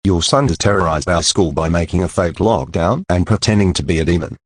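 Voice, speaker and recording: Brief: computer man as a stern cartoon principal, low and husky, dry sound. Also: brisk, no room sound. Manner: stern, scolding. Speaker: school principal. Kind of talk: text-to-speech cartoon dialogue.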